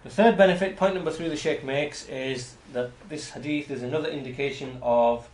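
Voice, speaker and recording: A religious teacher with a medium-pitched, darkish male voice lectures explanatorily on hadith, speaking haltingly with frequent restarts and repeated words. The recording carries a roomy echo.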